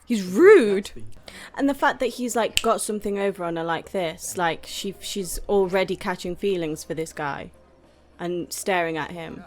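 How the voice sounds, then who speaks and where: A woman's voice: on the low side, normal speed. A British woman hosting a movie reaction, talking frankly and sarcastically with lots of "like" in a casual chat. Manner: frank, sarcastic ranting with many "like"s.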